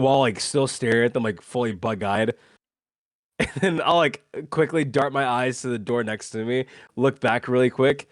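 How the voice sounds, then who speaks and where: A man's voice: mid-range voice, no echo, clean studio sound. A man playing a tabletop game, describing his character's actions in a rambling, filler-heavy way, laughing as he goes. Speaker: player. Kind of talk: casual tabletop role-play.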